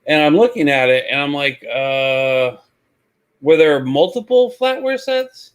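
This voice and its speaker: A man on a talk show, telling a lively anecdote and acting out the voices. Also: a little high, measured pace, smooth. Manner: animated, acts out voices in anecdotes. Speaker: guest, reseller. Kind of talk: casual storytelling.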